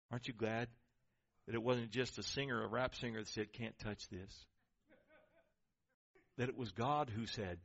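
Man preaching an animated sermon. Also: mid-range voice, normal speed, creaky, pauses often, dull audio. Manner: animated preaching, acting out quoted voices. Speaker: pastor. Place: church.

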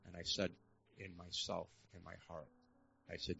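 A man's voice: low voice, flat delivery, moderate pace, vocal fry, bright, forceful tone, highs cut off, a little hiss or hum. An older man preaching a storytelling sermon in a church service, earnest and building to fervent exhortation.

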